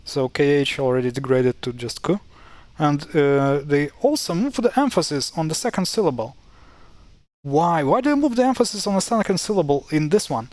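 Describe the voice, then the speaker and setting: A man's voice: a little high, expressive, normal speed, darkish tone, no room sound. Chatty man explaining pronunciation. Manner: chatty, exasperated at mispronunciations, frequent fillers and restarts. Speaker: language explainer. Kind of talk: casual screen-share explainer.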